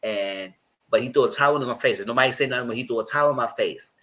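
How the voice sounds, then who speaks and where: A chatty man speaking, recapping a reality show in loose, conversational commentary. His voice sits at a middle pitch, neither high nor low. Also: very fast, fairly bright tone, poor audio. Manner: chatty and conversational, breaks into high mock voices when quoting.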